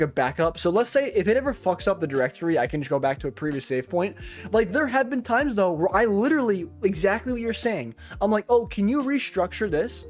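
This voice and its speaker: A young man who day-trades and streams, chatting casually, rambling, slangy and profane, often joking at his own expense. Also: sits high. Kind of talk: casual livestream chat.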